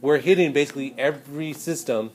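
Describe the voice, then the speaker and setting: A male teacher giving a lively, hands-on classroom lecture and speaking directly to his students. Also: a little high, fairly quick, roomy sound, noisy background.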